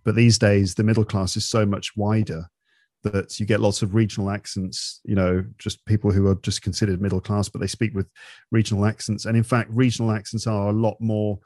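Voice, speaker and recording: Middle-aged male podcast host; relaxed explainer, low-pitched, dry close sound. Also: brisk, no room sound. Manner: chatty, explanatory, with restarts. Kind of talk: casual interview chat.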